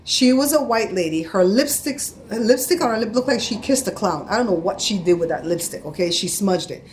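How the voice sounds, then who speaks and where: A woman's voice: medium pitch, fairly quick, slight background noise. A middle-aged woman vlogging casually, telling a story with heat and acting out the voices of the people in it. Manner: animated, acts out quoted voices, gets heated.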